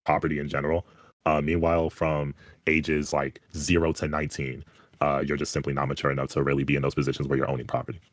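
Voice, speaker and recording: A man's voice: very deep voice, flat delivery, fast talker, no echo, clean studio sound. A man arguing defensively and insistently in a heated online debate. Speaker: debate participant.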